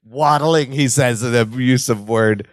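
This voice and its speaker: A man's voice: moderate pace, no room sound. A man co-hosting a podcast in casual chat, recapping a sitcom and jumping into silly character voices when he quotes the scenes. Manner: playful, jumps into high silly character voices when quoting. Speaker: podcast co-host.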